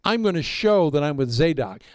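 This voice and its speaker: A man's voice: on the high side, sing-song, moderate pace, dry recording, studio quality. A man preaching, voicing a dying old king who speaks to his son and gives orders. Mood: commanding. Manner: fatherly, commanding.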